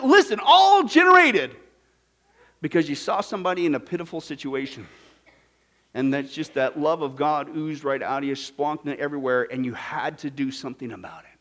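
Animated, high-voiced preacher from Kansas. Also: male voice. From Kansas, USA. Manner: animated, swinging from loud bursts to hushed asides; acts out quoted voices. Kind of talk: sermon.

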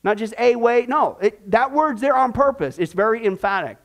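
A man with a notably high-pitched voice leads a Bible class before a live group. He talks in a loose, conversational way, tosses in corny jokes and keeps checking in with the class through quick rhetorical questions. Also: lively intonation. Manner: chatty, corny asides, frequent rhetorical "okay?".

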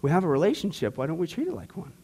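A man teaching a church discipleship class in a conversational, animated way, joking with the class and acting out everyday people. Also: fairly high pitch, racing, breathy edge. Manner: conversational, jokes with the class, acts out skeptics.

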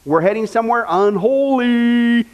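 High-voiced man preaching conversationally. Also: measured pace, a little hiss or hum. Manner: conversational preaching with rhetorical questions. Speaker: pastor. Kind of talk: sermon.

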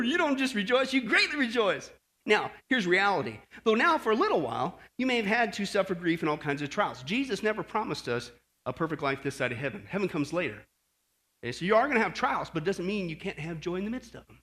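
A man preaching a sermon as pastor, animated, often asking the congregation questions and adding friendly "okay?" asides. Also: high-pitched, quick pace.

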